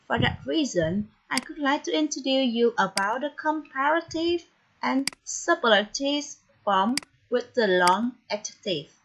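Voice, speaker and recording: Slow, high-voiced woman teacher. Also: expressive, a bit bright. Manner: slow, deliberate, encouraging. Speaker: English teacher. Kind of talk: online English lesson. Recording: dull, lo-fi recording with faint noise.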